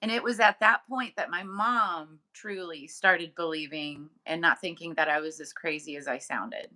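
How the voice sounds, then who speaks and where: A woman's voice: low voice, moderate pace, bright, forceful tone. A woman co-hosting a casual talk show, telling a personal story with lots of fillers and acting out the voices of people she quotes. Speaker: medium and podcast co-host.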